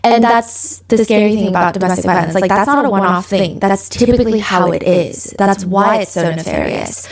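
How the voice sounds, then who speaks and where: A woman's voice: medium pitch, moderate pace, gravelly, hardly any pauses. Chatty true-crime podcast host, woman. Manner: chatty and animated, acting out quoted friends.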